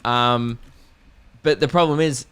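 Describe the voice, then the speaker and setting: A man's voice: medium pitch, slow pace, fairly bright tone, clean tone. A man co-hosting a podcast in casual chat, joking and laughing easily. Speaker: podcast co-host. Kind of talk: casual banter.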